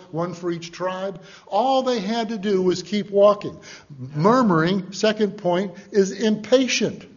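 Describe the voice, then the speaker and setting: A man preaching a sermon as a pastor, telling folksy stories and swinging between loud emphasis and hushed asides. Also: sits high, lo-fi sound.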